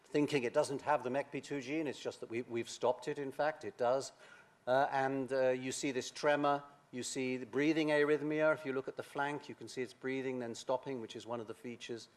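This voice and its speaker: An older man giving a science lecture, halting, with many pauses and restarts. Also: mid-range voice. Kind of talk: academic lecture.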